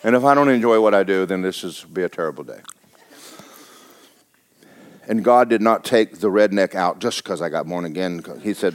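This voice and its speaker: A man's voice: sits low, moderate pace, pauses often. A male pastor, preaching a sermon in a folksy, humorous way.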